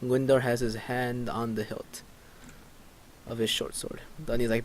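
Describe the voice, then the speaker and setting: Slow-talking, chuckling let's play guy. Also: mid-range voice, little pitch movement, a little hiss or hum. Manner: laid-back, chuckling, reads out chat. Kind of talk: casual game commentary.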